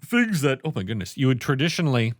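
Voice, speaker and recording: A man's voice: mid-range voice, fast talker, no room sound, clean studio sound. A man in his thirties co-hosting a podcast, telling family stories in casual chat and swearing often. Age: 30s. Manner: animated storytelling, swears often. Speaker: podcast co-host.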